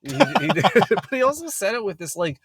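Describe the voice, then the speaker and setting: Wry, deadpan young man co-hosting. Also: high-pitched, fairly quick, husky. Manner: wry, deadpan storytelling with frequent laughs. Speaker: podcast co-host. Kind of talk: casual comedic chat.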